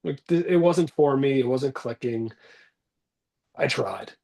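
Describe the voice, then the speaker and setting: A man's voice: mid-range voice, slow, gravelly, darkish tone. A man in his forties telling stories about his acting career in a rambling, self-deprecating way, calling in from his bathroom at home. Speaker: actor guest. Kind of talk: casual interview talk.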